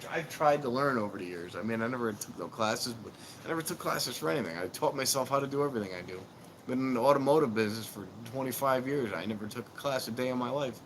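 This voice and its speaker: A man's voice: medium pitch, bright, forceful tone, slight background noise. A middle-aged man chatting casually on a live stream, telling rambling, self-mocking stories outdoors.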